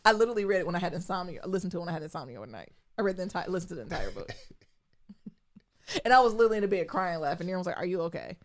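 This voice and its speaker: Lively woman podcast co-host. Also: fairly low pitch, rapid-fire. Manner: animated, laughing, slangy storytelling. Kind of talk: casual chat.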